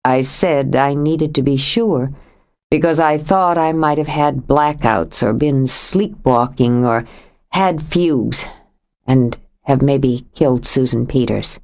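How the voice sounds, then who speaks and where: A woman voicing a troubled grown man who speaks in a low, steady, earnest way as he confesses to his lover in an audiobook. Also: slow pace, heavily acted. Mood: earnest, pleading. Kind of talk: audiobook character voice.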